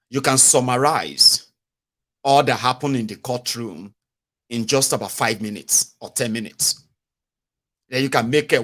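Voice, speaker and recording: A man's voice: medium pitch, a bit bright. A man with a Nigerian accent hosting a casual online political commentary show, chatty and mixing in Pidgin asides.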